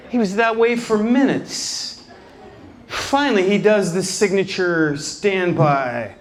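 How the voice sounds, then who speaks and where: A male stand-up comedian telling wry stories about his family with deadpan asides on a nightclub stage. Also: sits high, unhurried, some chatter behind, slight background noise. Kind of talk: stand-up routine. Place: nightclub stage before a live audience. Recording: live club with audience laughter.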